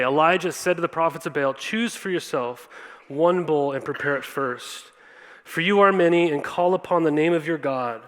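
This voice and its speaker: Pastor preaching in a reverberant church. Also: male voice, a little high, fairly bright tone. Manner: conversational, asks the congregation questions; reads scripture aloud then retells it casually. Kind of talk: sermon. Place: church auditorium. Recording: long reverb of a church hall.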